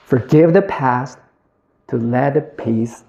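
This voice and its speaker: A man in his thirties telling a personal story as a speech, slow and heartfelt, acting out the dialogue. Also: mid-range voice, gravelly, warm tone, muffled recording. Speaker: public speaker.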